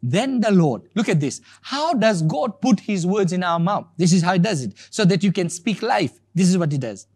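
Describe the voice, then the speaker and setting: Male preacher, emphatic and repetitive, with a lively, swinging delivery. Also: high-pitched, moderate pace, hardly any pauses, breathy edge. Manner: emphatic and repetitive, stressing key words. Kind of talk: sermon.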